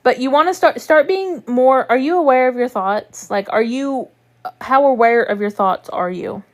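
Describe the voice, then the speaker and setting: A woman's voice: high-pitched, moderate pace. A young woman coaching viewers through a live stream in a chatty, reassuring way, swearing now and then. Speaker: manifestation coach.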